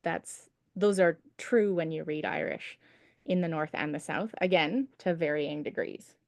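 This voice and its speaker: A woman's voice: sits low, unhurried, no echo, studio quality. A woman teaching a traditional singing class over a video call, patient and encouraging as she explains pronunciation. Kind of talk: online singing lesson. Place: home setup on a video call.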